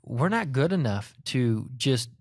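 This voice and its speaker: A man's voice: mid-range voice, expressive, unhurried, dry recording, clean studio sound. A middle-aged man co-hosting a casual podcast chat, talking in long, rambling runs that often restart mid-sentence. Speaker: podcast co-host.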